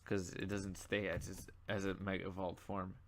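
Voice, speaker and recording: A young man talks through a browser game in a slightly low voice, sleepy and yawning now and then. He rambles and loops back on himself with plenty of fillers, with the odd mouse click behind him. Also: monotone, normal speed, noisy background. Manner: rambling and chatty, with many fillers and asides. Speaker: gaming channel host. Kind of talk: casual gameplay commentary.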